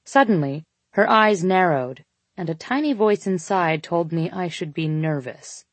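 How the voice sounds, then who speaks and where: A woman reading a first-person romance story aloud, intimate and expressive, voicing the dialogue as she goes. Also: lowish voice, unhurried, dry recording. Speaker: audiobook narrator.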